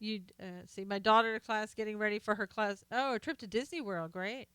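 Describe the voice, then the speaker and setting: Chatty excitable woman, bright clear voice. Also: medium pitch, moderate pace, no echo. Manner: chatty, excitable, laughs often, exclaims "oh my gosh". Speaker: live stream host. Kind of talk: casual live-stream chat reading viewer comments.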